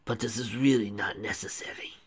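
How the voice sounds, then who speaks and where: Male reader voicing a grave, formal elder; slow speech; low voice. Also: lively intonation, creaky, dark tone, breathy edge, full character voice. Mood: solemn.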